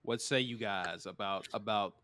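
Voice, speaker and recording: A man's voice: on the low side, moderate pace, bright, forceful tone, no room sound, studio quality. A man co-hosting a casual sports talk show, brief in his remarks and steering the talk along. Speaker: podcast co-host.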